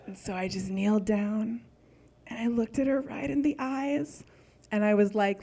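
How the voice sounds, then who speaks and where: A woman's voice: mid-range voice, steady tone, normal speed, dark tone. A young adult woman performing a stand-up comedy set, talking in a chatty way full of "like" fillers.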